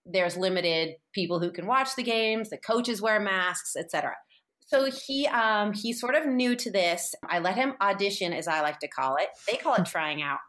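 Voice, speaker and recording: As a podcast guest, a San Francisco woman in her forties tells a personal parenting story candidly, rambling with many fillers and restarts. She's emotional and at times tearful. Her medium-pitched voice is expressive and a bit bright, at normal speed.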